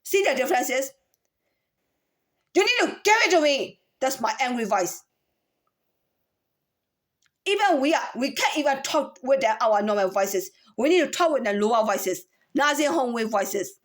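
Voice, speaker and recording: On the high side and expressive, a woman's voice moves at a moderate pace through a voice coach's lecture. She keeps insistently repeating herself while switching voices as demonstrations.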